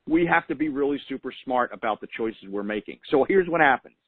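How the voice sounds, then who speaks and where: A man's voice: mid-range voice, expressive, a little fast, no echo, rough recording. A man hosting a weekly call, giving motivational coaching in an earnest way and repeating key phrases for emphasis. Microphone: phone call.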